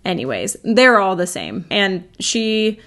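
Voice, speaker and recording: A woman talking over a clip in a casual commentary style. Her remarks come out dry and sarcastic. Her pitch sits in a middle range. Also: big pitch swings, slow pace, gravelly, fairly bright tone. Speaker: anti-MLM commentator.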